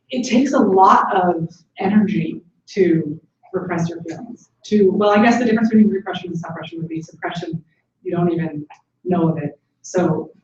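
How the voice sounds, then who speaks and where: A young woman speaker answering audience questions, animated, acting out quoted voices. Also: lowish voice, a little hiss or hum. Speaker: conference speaker. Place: large echoey conference hall. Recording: echoey hall, distant, dull lo-fi.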